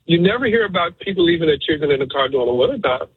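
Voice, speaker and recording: A man phones into a radio show, emotional and preachy as he repeats his message. His voice is husky and sits a little high. It comes through a thin, phone-like line. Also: sing-song, racing, no echo. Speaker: radio caller. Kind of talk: call-in radio talk.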